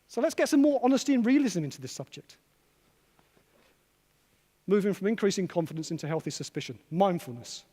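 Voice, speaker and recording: A man's voice: high-pitched, darkish tone. A man who is a psychologist giving a conference keynote, challenging the audience with rhetorical questions and repeated phrases. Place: conference hall. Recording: long reverb of a hall.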